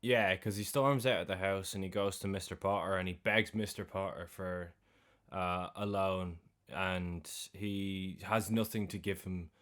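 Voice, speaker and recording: Irish lad on a film podcast, lowish voice, running through the plot all chatty and animated. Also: male voice, measured pace. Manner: retells scenes animatedly with slang and swearing. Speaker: podcast co-host. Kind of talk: casual film recap chat.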